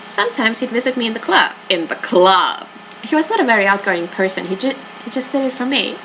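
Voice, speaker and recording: A woman voicing a defensive, sharp-tongued young nightclub worker in a game, curt and huffy. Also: on the high side, expressive, brisk, slight background noise, poor audio.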